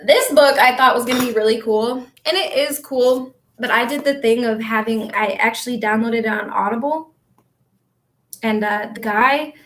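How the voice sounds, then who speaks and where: A woman's voice: a little high, moderate pace, a bit bright. Chatty woman vlogging while tidying up. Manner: chatty, rambling, answers viewer comments. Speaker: vlogger and spiritual coach. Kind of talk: casual chat to viewers while tidying.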